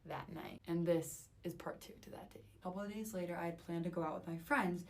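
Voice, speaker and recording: A young woman with a somewhat low voice tells a dating story in a casual storytime way. She is animated and dramatic as she talks. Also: brisk, vocal fry.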